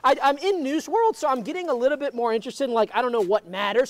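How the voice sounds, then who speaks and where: A man hosting an improvised comedy show, rambling to his chat and yelling in mock pain. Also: very high voice, fast.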